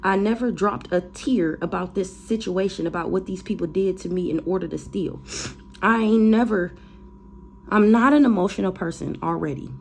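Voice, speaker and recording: A woman's voice: medium pitch, moderate pace, vocal fry, a little mellow, slight background noise. A woman tarot reader ranting casually, blunt, defiant and profane, repeating phrases for emphasis.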